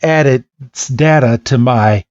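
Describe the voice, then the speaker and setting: A man's voice: medium pitch, slow pace, a little mellow, no room sound, lightly acted. A man voicing a cocky, condescending boy rival in a smug, taunting manner. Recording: dull lo-fi podcast mic.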